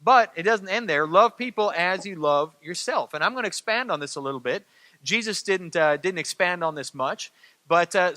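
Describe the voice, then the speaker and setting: A middle-aged man preaches a sermon in a conversational, repeating style, often turning to the congregation for agreement. His voice sits high and sounds bright and forward. The sound is dry and close, with little room around it. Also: no room sound. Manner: conversational, repeats phrases, asks "right?" of the crowd. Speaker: pastor.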